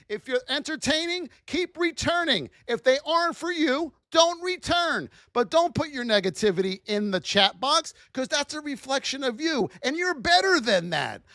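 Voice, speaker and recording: A man teaching trading on a livestream in a fired-up, preachy way, often yelling for emphasis. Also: very high voice, no echo, studio quality.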